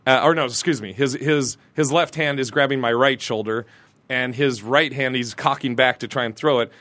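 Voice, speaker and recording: A man, a comedian guest, telling an animated story, laughing through it and acting out the people in it. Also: mid-range voice, normal speed, no echo. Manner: laughs through his story, acts out quotes.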